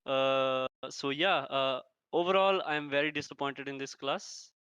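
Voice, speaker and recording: Guy playing a strict teacher, lots of uh's, bright crisp voice. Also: medium pitch, a little slow, dry recording, muffled recording. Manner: mock-stern, hesitant with many fillers. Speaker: teacher running a spelling bee. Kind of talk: comedic classroom role-play.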